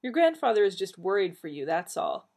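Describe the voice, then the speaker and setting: A woman's voice: medium pitch, sing-song, brisk, darkish tone. A woman doing a snappish middle-aged mother. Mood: brisk. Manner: snappish and matter-of-fact. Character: sharp-tongued middle-aged mother, brisk and blunt.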